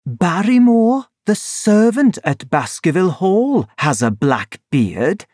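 A man voicing an earnest, eager country doctor in a storybook reading, bright and reassuring. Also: high voice, sing-song, slow, no room sound, clean studio sound, pitched above the performer's own voice, exaggerated voice.

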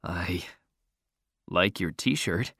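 A man reading a story aloud and voicing a nervous, soft-spoken teenage boy in a slightly lowered, hesitant voice. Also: animated, slow pace, dry recording, studio quality.

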